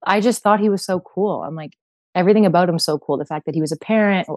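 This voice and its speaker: A woman's voice: on the low side, fast, a little mellow, dry recording. A young woman with a Canadian accent, chatting as a podcast guest and filling her speech with "like". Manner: chatty, heavy use of "like". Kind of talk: casual chat.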